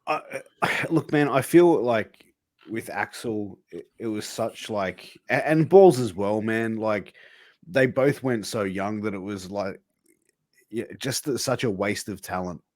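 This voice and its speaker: A man's voice: lowish voice, a little slow, dry recording, studio quality. A man hosting a casual podcast, chatting loosely with fillers and reading sponsor spots. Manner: relaxed, filler-heavy, says guys and dude. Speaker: podcast host.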